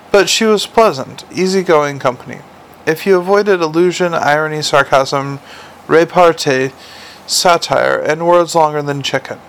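A man narrating a comic novel aloud with a dry, wry delivery. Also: on the high side. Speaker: audiobook narrator.

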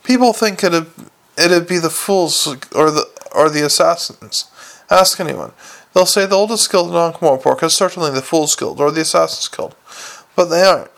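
An earnest young watchman who can't stop explaining his city, as a male reader puts him on. He is chatty and upbeat, in a slightly high voice with a gravelly rasp, read for an audiobook. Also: normal speed, fairly bright tone. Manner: eager, chatty, explains everything.

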